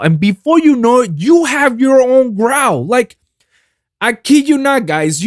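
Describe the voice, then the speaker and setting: A South Florida music producer hosts his own solo podcast, talking loosely about making sounds with lots of swearing and "I kid you not." His voice is on the high side, captured in studio quality with no echo.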